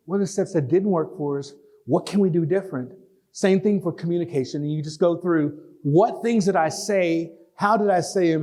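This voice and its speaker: A man in his sixties speaks to a lecture hall in a fairly high voice. He is animated and folksy, addressing the crowd directly as he takes their questions. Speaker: guest lecturer. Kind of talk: public lecture with audience Q&A.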